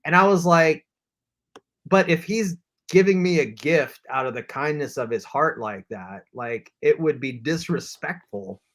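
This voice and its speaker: A man's voice: fairly high pitch, expressive, a little slow, fairly bright tone. A man on a collectors' live stream telling a long story in casual chat, acting out quotes and padding with fillers. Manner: rambling anecdote with acted-out quotes, many fillers.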